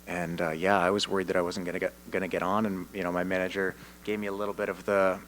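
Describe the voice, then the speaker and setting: A man from Canada with a low voice answers reporters at a fight media day. He sounds sure of himself and tells stories with energy, often restarting his sentences. A faint hum runs behind him. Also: fast, low-quality recording. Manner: confident, animated storytelling with repeated restarts. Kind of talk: press interview answers. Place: media day press room.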